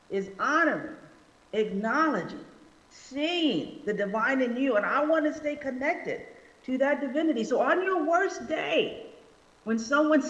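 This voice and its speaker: A woman preaches a sermon in a church sanctuary, animated and slowing her words for emphasis. Her voice rings with a long, roomy echo, and the sound is slightly dull. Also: a little high. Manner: animated, slows for emphasis, acts out quotes. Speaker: guest speaker.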